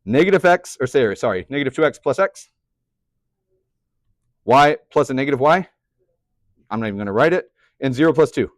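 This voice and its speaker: A man's voice: medium pitch, no room sound, studio quality. A young man teaching a math class, chatty, often putting questions to the students. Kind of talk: classroom lecture.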